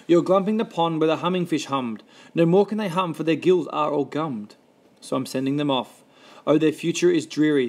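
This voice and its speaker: A man's voice: fairly high pitch, lightly acted. A man voicing a small, grumpy male forest guardian who scolds indignantly in a storybook reading.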